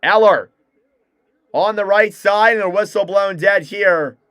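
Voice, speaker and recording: Excitable young man calling hockey play-by-play. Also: high-pitched, no echo, clean studio sound. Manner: rapid play-by-play, excitable reactions. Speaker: fan play-by-play commentator. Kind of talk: live hockey play-by-play commentary.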